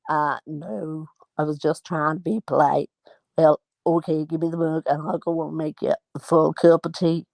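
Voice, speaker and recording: A woman's voice: sits low, fairly even intonation, normal speed, gravelly, a little mellow, dry recording, pitched below the performer's own voice. A woman voicing a blunt, chatty Northern Irish woman serving tea, with a Northern Irish accent. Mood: matter-of-fact.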